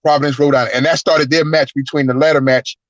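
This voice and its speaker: A man, a guest wrestler, telling stories in an animated, profane way and acting out the voices. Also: a little high, quick pace, no room sound. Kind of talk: casual storytelling. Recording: dull lo-fi, dry sound.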